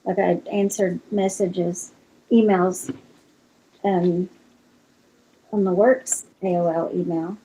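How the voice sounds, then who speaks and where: A woman's voice: lowish voice, fairly even intonation, takes it slowly, pauses often, warm tone, husky, low-quality recording. A woman on a casual podcast, asking curious questions with hesitant fillers. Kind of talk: casual chat.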